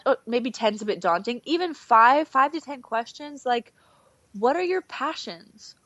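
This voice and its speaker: A woman in relaxed conversation, her voice sitting a little high and her speech full of "like" and "you know" as she restarts her thoughts. The sound is dry and close, with a dull, muffled quality, as if from a modest mic. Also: no room sound. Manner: chatty, lots of "like" and "you know", quick restarts. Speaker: healer, guest. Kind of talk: casual podcast chat.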